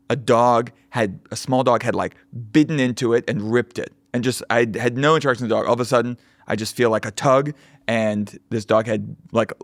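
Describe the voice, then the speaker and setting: A young man co-hosting a podcast, ranting with sarcastic, quick asides in casual banter, close to the mic. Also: mid-range voice, no echo. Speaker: podcast co-host.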